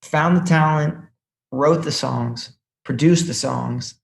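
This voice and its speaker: Gravelly-voiced man telling stories. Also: a little high, slow pace, slight background noise. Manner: animated storyteller, lots of fillers and restarts. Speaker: music business executive, guest. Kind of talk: casual podcast interview.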